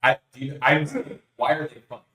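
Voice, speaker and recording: A man's voice: on the high side, sing-song, fairly quick, background noise. A man co-hosting a podcast, arguing his point in casual debate, cutting in often and restarting sentences. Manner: argumentative, interrupts, hesitant restarts. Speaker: podcast co-host. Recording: roomy echo.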